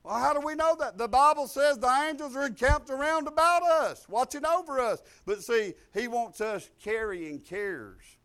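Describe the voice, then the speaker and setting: An older man preaching a sermon, folksy and exuberant, breaking into loud outbursts. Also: very high voice, moderate pace, few pauses. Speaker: pastor.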